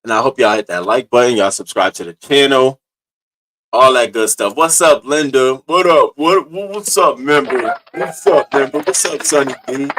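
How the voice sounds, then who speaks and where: A man hosting a casual live-stream commentary, animated as he greets viewers by name from the chat and swears freely. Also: medium pitch, moderate pace.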